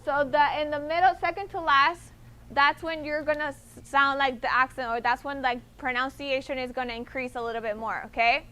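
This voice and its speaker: A woman's voice: sits high, steady tone, a little fast, pushed and bright. A woman teaching a Spanish class to students, patient and explaining step by step, often checking in with "okay?". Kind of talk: classroom instruction.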